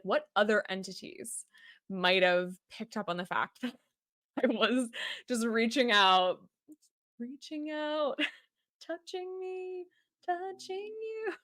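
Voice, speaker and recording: A woman's voice: medium pitch, fairly bright tone, no room sound, clean studio sound. A woman from Boston hosting a podcast, telling a personal story in a chatty way with lots of fillers and frequent laughs. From Boston, USA. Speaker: podcast host.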